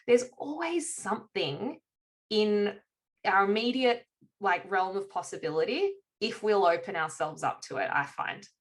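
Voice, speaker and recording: A woman hosts a podcast conversation, chatty and casual, peppering her talk with "like". Her voice sits at a middle pitch for a woman. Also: lively intonation, measured pace. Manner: chatty, warm with fillers like "like". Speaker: podcast host.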